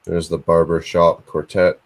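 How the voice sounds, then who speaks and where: A man in his forties, a guest on a live stream, trading dry teasing jokes. His voice sits low and relaxed as he riffs along in casual banter. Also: unhurried. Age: 40s.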